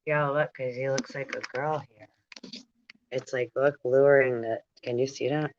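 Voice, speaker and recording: A woman's voice: extremely low pitch, fairly even intonation, a little slow, a little mellow, highs cut off, slight background noise. A woman reading aloud and commenting casually as she goes, stumbling over hard words and drifting into asides. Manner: reads aloud, stumbles on words, laughs and digresses. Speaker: spiritual channel host.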